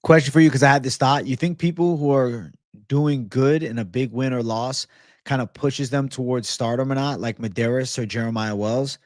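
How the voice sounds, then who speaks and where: A man's voice: medium pitch, fairly even intonation, normal speed, no room sound, studio quality. A young man hosting a casual livestream, joking loosely, swearing a lot and talking to his chat. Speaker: livestream host reading chat.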